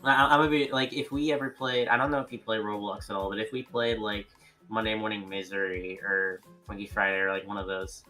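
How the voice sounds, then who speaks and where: Bright-voiced man, halting casual chat. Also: lowish voice, level tone, soft background music. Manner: halting, many restarts and filler words. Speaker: podcast guest.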